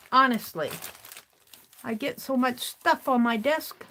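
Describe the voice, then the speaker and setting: Brief: woman craft streamer, rambling self-talk, gravelly fry in her voice. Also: on the high side, slow, a bit bright, slight background noise. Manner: rambling, talks to herself as she works. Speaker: craft livestream host. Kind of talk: casual chat while crafting.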